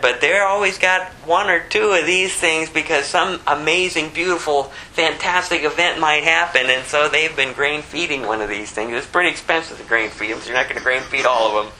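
A male preacher delivering a sermon in a folksy, animated storytelling manner. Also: a little high, a little hiss or hum, low-quality recording.

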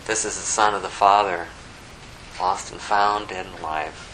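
A male preacher delivering a sermon in a folksy, animated storytelling manner. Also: low-pitched, moderate pace, slight background noise, poor audio.

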